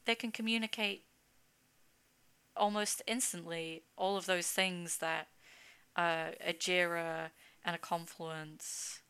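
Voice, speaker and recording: Woman podcast guest, bright and crisp voice, chatty and self-deprecating. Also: fairly low pitch. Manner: chatty, self-mocking, laughs often. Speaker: guest, game producer. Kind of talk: casual podcast chat.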